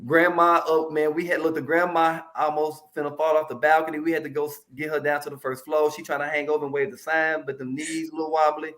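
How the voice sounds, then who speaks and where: This is a man with a somewhat high-pitched voice, speaking as a guest in a casual interview about mental health. He tells his stories with animated, colloquial energy and turns to the audience now and then to drive a point home. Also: fast talker, hardly any pauses.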